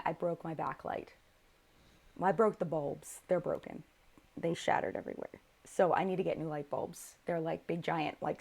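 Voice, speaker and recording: A young woman hosting a live makeup chat with viewers, tired and low on energy, rambling and often interrupting herself. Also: vocal fry. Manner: scattered, rambling, self-interrupting. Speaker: beauty channel host.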